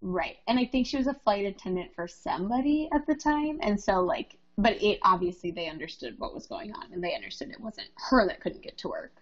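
A woman's voice: mid-range voice, brisk, hardly any pauses. Chatty woman on lo-fi audio. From Minnesota, USA. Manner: chatty, lots of likes and ums. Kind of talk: casual chat. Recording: dull lo-fi audio.

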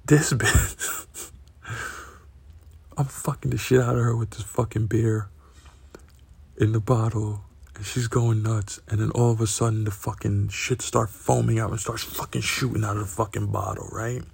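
Gravelly, raspy low-voiced man. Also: level tone, normal speed, dry recording. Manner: profane, keeps asking "right?"; laughs between lines. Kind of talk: casual anecdote telling.

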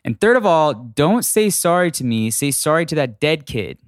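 A man's voice: a little high, very animated, moderate pace, no room sound, voice pushed up. A cool homeowner , played by a man, lays out her points in a raised, scolding voice. The reading is dry and close. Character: unflappable young woman homeowner.

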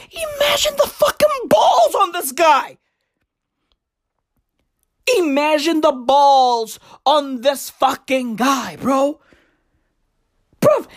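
Woman, high voice, unhurried profane comic rant with loud bursts. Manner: profane, slangy, emphatic, swings between shouting and hushed asides. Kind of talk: stand-up style comic rant.

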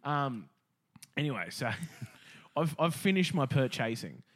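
A man's voice: mid-range voice, sing-song, a little slow, no room sound. A man co-hosting a podcast, telling crude jokey stories in casual chat. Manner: crude, joking storyteller.

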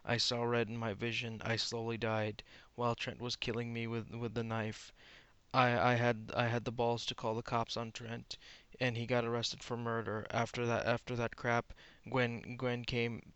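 A man reads a piece of fan fiction aloud in a smooth, clear voice, tripping over words and restarting lines as he goes. His tone stays fairly flat, and the dry sound has no room echo. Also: medium pitch. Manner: halting, stumbling reading with many restarts. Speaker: reader.

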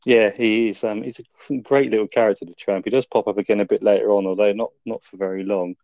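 A man's voice: fairly low pitch, fairly even intonation, fast talker, creaky, warm tone, no room sound, highs cut off. A man co-hosting a film review podcast, retelling the plot in a laid-back, sweary way. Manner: laid-back storytelling with frequent swearing and laughs. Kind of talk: casual chat.

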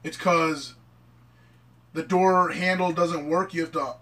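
A young man rambling excitedly through a story among friends, swearing constantly in casual chat. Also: fairly high pitch, takes it slowly. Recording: mic at a distance.

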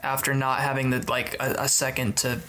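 A man's voice: medium pitch, monotone, a little fast, pushed and bright, a little hiss or hum. Hesitant man, dry-humored podcast co-host. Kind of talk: casual chat.

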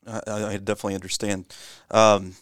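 A man's voice: fairly low pitch, little pitch movement, quick pace, no echo, studio quality. A man hosting a podcast interview, asking short prompting questions in a casual tone. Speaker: podcast host.

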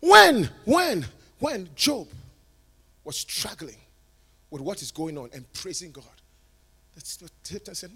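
High, gravelly man preaching in bursts. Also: huge pitch swings, slow pace, pauses often. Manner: swings from hushed talk to shouted, sing-song preaching. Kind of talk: sermon at a conference.

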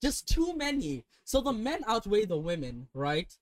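Young guy from india, crude jokey podcast chat, kinda high voice, super dry sound. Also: big pitch swings, no room sound. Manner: crude, joking, quick to laugh. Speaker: podcast co-host. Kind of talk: casual banter.

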